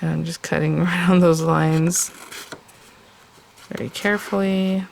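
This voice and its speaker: Chatty gravelly-voiced woman crafter. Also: on the low side, steady tone, unhurried, a little mellow, a little hiss or hum. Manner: chatty and enthusiastic, addresses viewers directly. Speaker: craft tutorial host. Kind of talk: casual step-by-step crafting tutorial.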